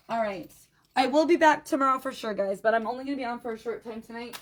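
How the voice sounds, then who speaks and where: A tired, low-energy woman chatting through a live-stream jewelry sale, greeting viewers by name and repeating item numbers. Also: fast. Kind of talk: live-stream sales chat.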